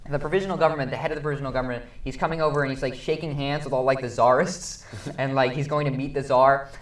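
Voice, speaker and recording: A man's voice: mid-range voice, quick pace. A teenage student film reviewer chatting about a movie, gushing and acting out scenes as he goes. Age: teens. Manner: excitable, gushing, acts out scenes. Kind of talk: casual film review chat. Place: school studio room. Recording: echoey room.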